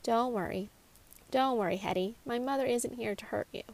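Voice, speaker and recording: A gentle, protective mother who runs an art studio, soothing and reassuring, as a woman voices her. Her voice is a touch high with a gravelly texture, in a storybook mystery. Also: normal speed, natural voice.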